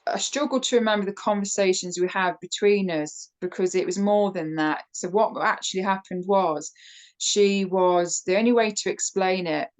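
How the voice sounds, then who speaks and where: A woman from the United Kingdom with a British accent, a podcast guest telling a personal story in a casual, animated way, with many fillers and restarts. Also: mid-range voice, normal speed, low-quality recording. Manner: laughs often while telling the story.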